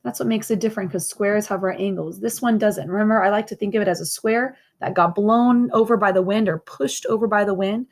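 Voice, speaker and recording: Woman teacher, recorded lesson for young kids, slow patient explainer, repeats key points. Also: medium pitch, a little mellow.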